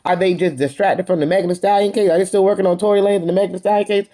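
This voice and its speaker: A woman's voice: mid-range voice, fairly even intonation, racing, warm tone. A woman giving a sassy, dramatic casual recap of a reality TV episode. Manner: sassy, dramatic, calls the viewer honey. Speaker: YouTube reviewer.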